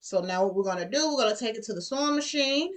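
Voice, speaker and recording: A woman's voice: fairly high pitch, animated, fast. Chatty woman sewing vlogger, y'all. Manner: chatty, addresses viewers as y'all. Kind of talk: casual sewing tutorial.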